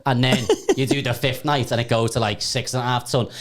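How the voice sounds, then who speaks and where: Fast-talking man, sweary and laughing. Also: mid-range voice, fairly even intonation. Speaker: podcast guest comedian. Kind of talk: casual chat.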